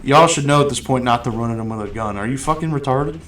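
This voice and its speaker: A man's voice: medium pitch, quick pace, crowd noise. Profane, blunt podcast host man. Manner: blunt, profane, animated storytelling. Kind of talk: casual chat.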